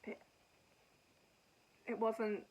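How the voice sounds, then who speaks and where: A woman hosts a knitting podcast, rambling casually and giving frank opinions on books and TV shows she's finished. She draws out her words in a darkish tone, and the audio quality is poor.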